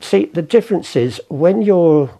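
In a storytelling interview, an older man who once forged art tells rambling anecdotes and acts out the voices of the people in them. His gravelly voice is fairly high and warm, with lively intonation and a slightly slow pace.

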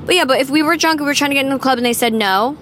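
A woman with an American East Coast accent, co-hosting a casual celebrity gossip chat, frank and relaxed. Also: sits high, very fast, slight background noise. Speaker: co-host.

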